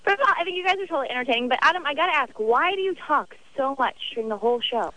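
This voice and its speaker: A young woman calls in over a tinny phone line, talking fast and frank. Her voice sits high and swings up and down a lot, bright and sharp. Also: lively intonation. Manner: chatty, frank, quick-talking. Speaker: caller. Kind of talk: call-in radio chat.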